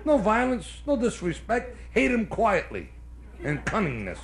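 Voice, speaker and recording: A male stand-up comedian with a Brooklyn accent, telling jokes live on a club stage and slipping into quick character voices. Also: high-pitched, huge pitch swings, gravelly. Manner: brash storyteller doing quick character voices. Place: hotel nightclub stage. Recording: live club recording with faint noise. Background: audience laughter.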